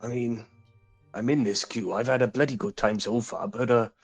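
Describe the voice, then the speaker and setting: A man's voice: mid-range voice, steady tone, normal speed, soft background music, close to an everyday voice. A man voicing a carefree, drink-loving male adventurer in a tabletop game, talking hesitantly. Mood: casual.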